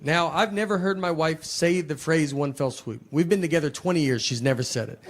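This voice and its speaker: A man in his forties performing stand-up comedy in a large theater, telling stories in a dry, deadpan way that climbs into exasperated rants. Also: normal speed, some chatter behind, a little hiss or hum. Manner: dry, deadpan storytelling that rises into exasperated high-pitched rants. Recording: live theater recording with long hall reverb. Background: audience laughter.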